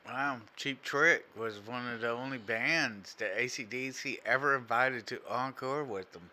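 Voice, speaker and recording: A man's voice: medium pitch, measured pace, pushed and bright. A middle-aged man co-hosting a casual podcast, rambling through trivia with lots of "you know" and frequent chuckles. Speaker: podcast co-host, father. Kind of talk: casual chat, reading trivia aloud.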